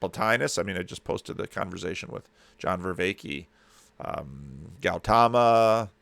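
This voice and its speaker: A man's voice: deep voice, measured pace, gravelly, fairly bright tone, no echo. A man hosting a commentary, reacting to a lecture clip in a musing, digressive way with many restarts. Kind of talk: casual spoken commentary.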